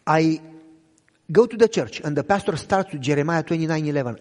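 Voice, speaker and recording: A young man who speaks English as a second language, preaching an emotional sermon testimony and swinging from loud cries to hushed low lines. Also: lively intonation, brisk. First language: not English. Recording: echoey hall reverb.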